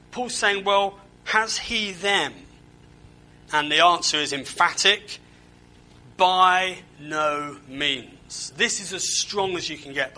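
A man's voice: high-pitched, bright, forceful tone, rough recording. A man preaching a conversational sermon, asking the congregation questions and often repeating words as he goes. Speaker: pastor.

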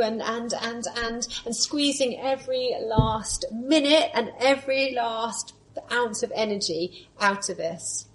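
A woman preaching a sermon, moving between lively storytelling and soft, hushed reflection. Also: on the high side, slow pace, hardly any pauses, rough recording.

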